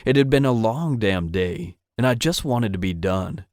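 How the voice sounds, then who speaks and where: A man narrating a first-person romance audiobook in an intimate, steady manner. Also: lowish voice, moderate pace, no room sound, clean studio sound.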